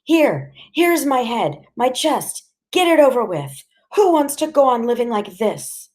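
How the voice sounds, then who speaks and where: A woman voicing a worn-down middle-aged mother who pleads in a shrill, broken way. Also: sing-song, measured pace, darkish tone. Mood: desperate.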